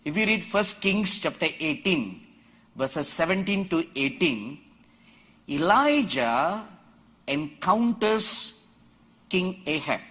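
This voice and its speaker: A man preaching a sermon to a conference crowd, quoting scripture dramatically and rising to emphatic shouts. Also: a little high, big pitch swings, takes it slowly, long pauses, husky. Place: large conference hall.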